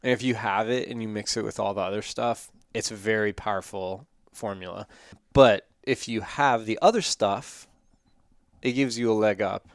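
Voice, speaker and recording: A man who grew up in Iran, a podcast guest talking about parenting in an excitable, animated way. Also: fairly low pitch, normal speed, dry recording, studio quality. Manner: excitable, animated, laughs often. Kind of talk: casual interview chat.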